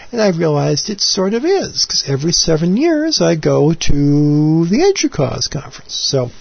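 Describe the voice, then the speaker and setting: Husky, rambling man hosting a podcast. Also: a little high, sing-song, moderate pace, few pauses, highs cut off. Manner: rambling, self-deprecating, with many restarts and asides. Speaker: podcast host. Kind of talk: casual solo podcast monologue.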